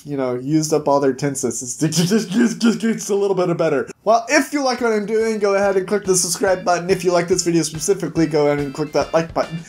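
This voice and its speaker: A host casually recapping a comic book issue in a video, animated and laughing often. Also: mid-range voice.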